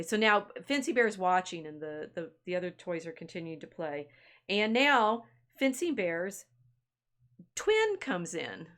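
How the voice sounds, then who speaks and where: A woman's voice: fairly low pitch, a bit bright. A woman co-hosting a podcast, casually retelling a toy story with chatty restarts and asides. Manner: chatty, halting with restarts and laughs. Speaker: podcast co-host.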